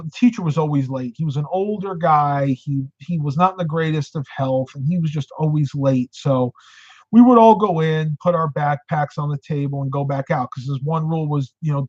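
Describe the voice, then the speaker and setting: Middle-aged man, live-stream host, chatty storyteller, fairly high voice, dull dry recording. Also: no room sound. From upstate New York, United States. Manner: chatty, tells stories and answers viewer comments. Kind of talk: casual live-stream chat.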